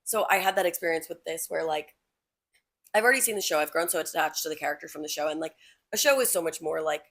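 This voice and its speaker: A young woman talks through her thoughts on a podcast in a loose, chatty way. Her voice sits a little low, and she leans on "like" as she works out each point. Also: fast, fairly bright tone. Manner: chatty, many "like" fillers, thinks aloud. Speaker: podcast co-host. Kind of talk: casual chat.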